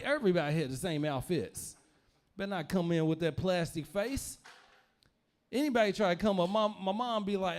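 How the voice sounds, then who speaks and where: A man's voice: high voice, normal speed. A young man from Louisville, Kentucky, doing a stand-up comedy set in a loose, rambling storytelling manner with repeated phrases.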